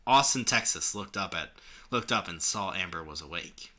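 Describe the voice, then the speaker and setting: A man's voice: low-pitched, expressive, normal speed, pushed and bright. A young man reading fan fiction aloud in a mocking way, laughing often, swearing and breaking off to make fun of the writing. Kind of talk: mocking dramatic reading with banter.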